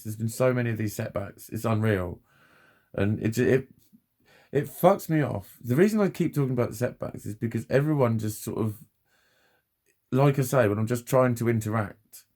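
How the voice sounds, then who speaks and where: A man's voice: medium pitch, a little mellow. A man in his forties, talking in a rambling personal vlog monologue, sweary and chatty, laughing at himself often. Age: 40s. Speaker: vlogger.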